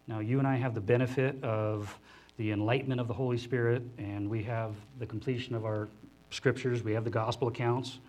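A man preaching a sermon to a congregation in a conversational, animated way, often acting out the voices of others. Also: brisk. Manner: animated, acts out the disciples' voices in higher pitch; conversational, with restarts and asides to the congregation. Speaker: pastor. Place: church hall before a congregation.

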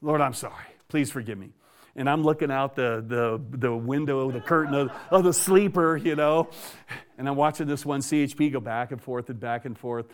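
A man's voice: medium pitch, steady tone, normal speed, clear, resonant tone. A man telling a personal faith story as an interview guest, folksy and plainspoken, chuckling often and restarting his words. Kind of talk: casual spoken testimony.

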